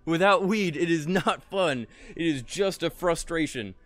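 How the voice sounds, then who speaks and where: A man's voice: on the high side, lively intonation, slow, fairly bright tone, dry recording, faint music behind. A young man streaming a space game, talking to chat and muttering in frustration, swearing often. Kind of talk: casual live-stream commentary.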